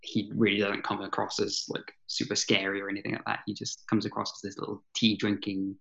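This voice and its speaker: A dungeon master talking as a guest on a casual podcast. The speech is hesitant, with repeated words and soft chuckles. The audio comes through dull and lo-fi. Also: sits low, monotone, brisk, creaky. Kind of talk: casual chat.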